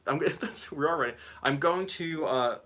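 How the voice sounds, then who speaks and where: Giggly guitar teacher man, bright voice. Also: on the high side, normal speed. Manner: giggly, rambling, reads chat aloud. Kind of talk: live-stream guitar lesson with chat.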